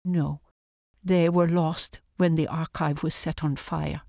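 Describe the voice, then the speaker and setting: A woman's voice: deep voice, flat delivery, slow, gravelly, warm tone, dry recording, studio quality, heavily acted. A reader voicing a poised refugee woman from Germany who gives formal, composed answers to officials.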